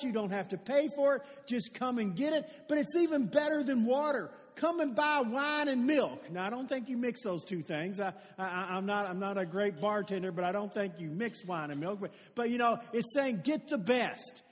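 Male preacher, high-pitched, talky and emphatic, sanctuary echo. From Louisville, Kentucky. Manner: conversational, builds to loud emphatic calls. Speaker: pastor. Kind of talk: sermon. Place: church sanctuary. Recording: long hall reverb.

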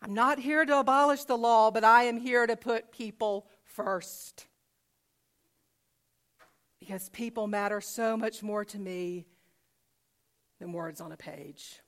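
Woman preacher doing jesus, firm teacher guy, keeps hammering the same point, slightly high voice. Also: takes it slowly, long pauses, fairly bright tone. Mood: resolute. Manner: firm, insistent repetition. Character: Jesus, calm yet firm male teacher.

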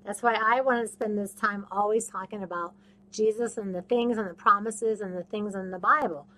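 A woman's voice: mid-range voice, fairly even intonation, normal speed, fairly bright tone. A woman hosting a podcast, preaching to her listeners in an emphatic, repetitive way and slipping into other people's voices. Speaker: podcast host. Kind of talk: casual faith talk, preaching to listeners.

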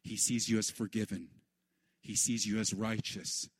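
A man preaching a sermon in an animated way, his voice leaping up high for the lines he quotes. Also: moderate pace, husky, no echo. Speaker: pastor.

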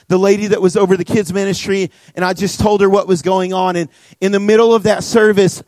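Young male youth pastor with a high voice, preaching earnestly to students in a dry, close recording. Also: no echo. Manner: earnest, animated storytelling with many "like" fillers. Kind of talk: sermon to students. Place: church youth room.

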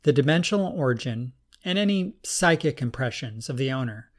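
A man's voice: medium pitch, animated, a little fast, close to an everyday voice. Audiobook: male narrator plays a composed woman aura expert, level and explanatory. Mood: thoughtful. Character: woman psychic aura analyst, calm, analytical.

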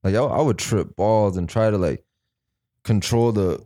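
A man's voice: fairly low pitch, normal speed, mellow, dry recording. A man in a casual podcast chat, talking in a laid-back way and saying "dude" a lot.

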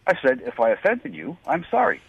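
A man's voice: mid-range voice, huge pitch swings, fairly quick, vocal fry, slightly rough, no room sound. An American man calling in to a radio show, indignant and persistent, with a sarcastic edge. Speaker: caller. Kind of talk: call-in radio argument. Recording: dry tinny phone line.

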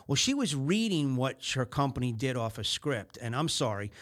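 A man's voice: medium pitch, sing-song. Guy chatting loosely on his sales show, lots of ums and restarts. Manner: chatty, rambling, with many fillers and restarts; mimics other voices in quick snippets. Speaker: host of a sales talk show. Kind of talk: casual monologue.

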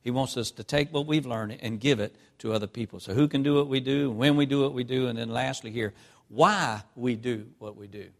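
Preacher guy from north carolina, goes real quiet and choked up then loud and fired up, medium pitch. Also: fairly quick. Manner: swings from hushed, tearful tones to loud, fervent emphasis; reads scripture in an old-fashioned cadence. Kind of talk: storytelling sermon.

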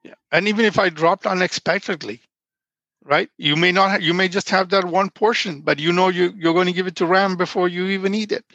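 A man's voice: high voice, fairly quick, bright, forceful tone, no room sound, dull audio. A man in his fifties from Nigeria, a podcast guest telling rambling stories in casual conversation. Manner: rambling storyteller, frequent restarts.

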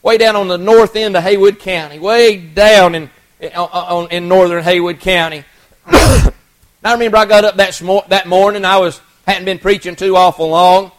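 A man's voice: high-pitched, fairly even intonation, moderate pace, rough recording. A middle-aged man, preaching a folksy, earnest sermon story with many restarts and repeated words.

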